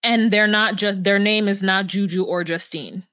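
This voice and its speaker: A woman's voice: mid-range voice, steady tone, normal speed, a bit bright, no echo. Woman, podcast co-host, sarcastic, blunt, casual chat, dry close sound. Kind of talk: casual reality-TV recap chat.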